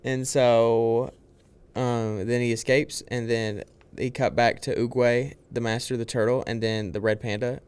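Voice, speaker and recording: Smooth-voiced man rambling through a plot recap. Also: medium pitch, level tone, measured pace, a little mellow. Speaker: podcast co-host. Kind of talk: casual movie podcast chat.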